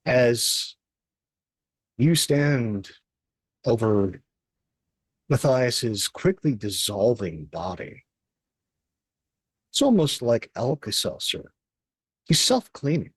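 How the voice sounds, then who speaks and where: A man running a tabletop horror game as game master, narrating in a slow, measured, grim way. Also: mid-range voice, big pitch swings, slightly rough, dry recording.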